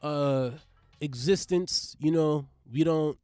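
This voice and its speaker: A man's voice: slow, clean tone, no room sound, soft background music. A young man, hosting a podcast in a loose, profane comedic monologue full of sudden swings in volume. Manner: loose, profane, riffing with big swings in pitch and loudness. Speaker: podcast host.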